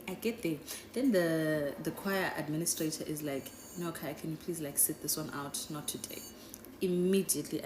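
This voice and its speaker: A young woman with a low voice tells a rambling storytime, chatty and animated. She keeps tossing "right?" and "guys" at her listeners. Her voice bounces off an echoey room, with a faint hiss underneath. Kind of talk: casual storytime.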